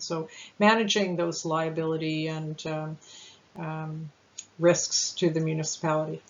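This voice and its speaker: A low-voiced woman presents at a candidate information session, giving a measured informational talk full of ums and uhs. The sound is dull and lo-fi, with faint hiss.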